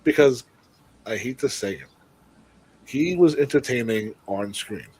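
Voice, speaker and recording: A man co-hosting a casual wrestling chat show, blunt and quick to swear, laughing often. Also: medium pitch, lively intonation, darkish tone, poor audio. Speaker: podcast co-host.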